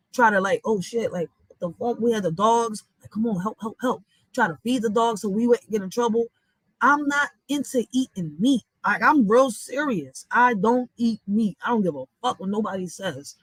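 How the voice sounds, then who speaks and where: Blunt, high-voiced woman vlogging. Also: no room sound, low-quality recording. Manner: blunt, profane storytelling; animated, emphatic. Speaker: reaction vlogger. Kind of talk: casual reaction commentary.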